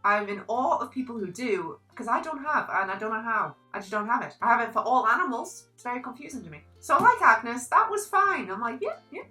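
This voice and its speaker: A young woman chatting through a book review, her voice bright and forward with a lively, swooping pitch. She gushes and gets animated about favourite characters. Faint music sits under her talk. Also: a little fast, few pauses, rough recording. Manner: animated, gushing, reads quotes aloud. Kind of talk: casual book review vlog.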